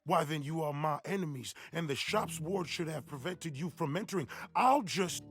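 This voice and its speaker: A man's voice: a little high, lively intonation, normal speed, breathy edge. A man voicing a suspicious, frightened recluse who speaks curtly from behind his door. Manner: curt and suspicious.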